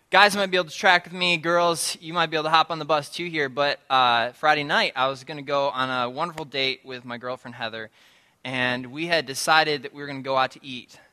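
A young man preaching a sermon in a church, telling stories in a chatty, animated way and talking straight to the congregation. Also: a little high. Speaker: guest preacher.

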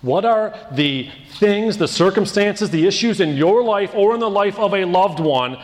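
A man preaching a sermon as pastor, telling a personal story with animated quoted voices and building into emphatic repeated lines. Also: sits high, normal speed, long reverb tail.

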